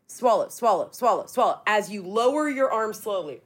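A woman's voice: medium pitch, normal speed. A woman in her thirties co-hosting a podcast, chatting casually and emphatically. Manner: expressive, emphatic, explains step by step. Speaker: podcast co-host. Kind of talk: casual chat.

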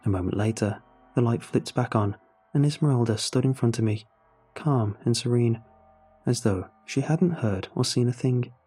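A man narrating a horror story in a measured, suspenseful way. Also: medium pitch, mellow, slightly rough, faint music behind.

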